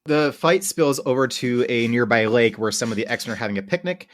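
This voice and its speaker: A middle-aged man co-hosting a comics podcast, talking easily at a middle pitch. He slips in dry jokes between the points of discussion. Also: lively intonation, brisk. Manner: dry joking asides. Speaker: podcast co-host. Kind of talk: casual comic book discussion.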